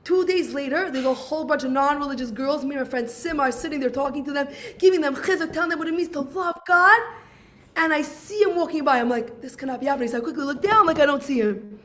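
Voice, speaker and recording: A woman's voice: high voice, quick pace. A woman, telling a personal story and acting out conversations. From Brooklyn, USA. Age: 40s. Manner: animated, acts out dialogue, many "I'm like"s. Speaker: speaker sharing her story.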